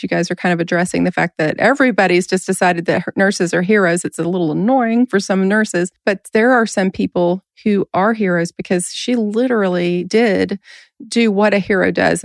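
A woman's voice: fairly low pitch, gravelly, no room sound, clean studio sound. A woman hosting a casual podcast, talking earnestly and laughing often. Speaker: podcast host.

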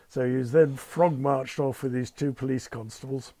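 A man's voice: medium pitch, a little slow, pauses often, dark tone, a little hiss or hum. Older man telling dry anecdotes. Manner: dry understatement, acts out the people he quotes. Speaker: former airline captain, guest. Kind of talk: anecdotal storytelling in conversation.

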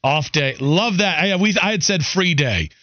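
A man's voice: high voice, big pitch swings, moderate pace, pushed and bright, no echo, lo-fi sound. A man hosting a sports radio show in casual, joking banter, rambling and self-deprecating.

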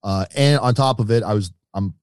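A man's voice: fairly low pitch, a little fast, smooth, no room sound, studio quality. A middle-aged man, a podcast guest telling his own story and acting out the voices of the people in it. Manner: animated storyteller, acts out quoted voices. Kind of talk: storytelling in an interview.

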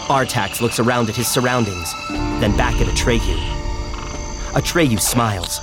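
A man giving scripted dramatic narration in a slow, solemn storybook manner. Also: mid-range voice. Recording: loud music behind.

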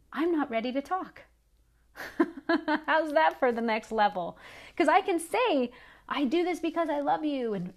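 A middle-aged woman with a slightly high voice hosts a faith podcast. She talks earnestly and pleads with her listeners, circling back to the same phrases again and again for emphasis. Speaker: podcast host. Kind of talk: faith-based encouraging talk.

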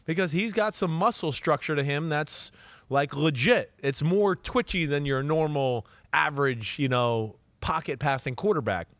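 Co-hosting a casual football talk show, this analyst spins animated stories, voicing players' quotes himself and tossing in frequent "right?" asides. His voice is a little high, his pace normal, and the recording dry.

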